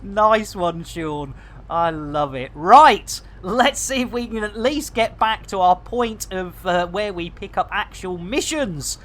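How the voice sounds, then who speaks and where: A man's voice: sits high, slow pace, a bit bright. Jokey middle-aged Barnsley man streaming. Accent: Barnsley, Yorkshire. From England. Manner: jokey, chatty, with playful catchphrases. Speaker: game streamer. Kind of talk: live gameplay stream chat.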